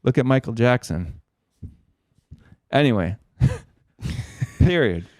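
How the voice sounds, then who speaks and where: A man's voice: lowish voice, fairly even intonation, normal speed, a little mellow, smooth, dry recording, studio quality. A man as a podcast guest, telling a long story in a rambling way, swearing a lot. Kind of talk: casual storytelling.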